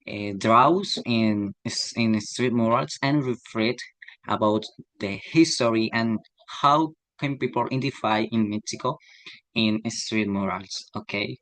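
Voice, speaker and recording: A young man giving a class presentation in a halting, hesitant way, often ending sentences with a questioning tag. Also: medium pitch, fairly bright tone, no echo, low-quality recording. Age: young adult. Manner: halting, tags sentences with "okay?". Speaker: student presenter.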